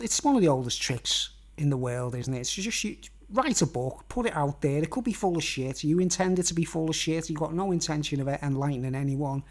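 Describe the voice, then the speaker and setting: A middle-aged man with a slightly higher than usual voice, rambling to camera as a vlogger. He wanders from point to point, restarts his phrases and keeps checking in with the viewer. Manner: meandering, repeats "you know what I mean", restarts phrases.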